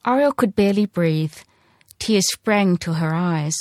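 A woman narrating a storybook in a measured, gentle reading voice. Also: fairly low pitch, animated, no echo, studio quality.

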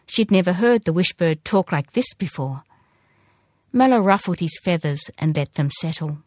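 A woman narrating a storybook with a measured, gentle read. Her voice sits somewhat low. The recording is dry and close, with no room sound. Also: expressive, no echo.

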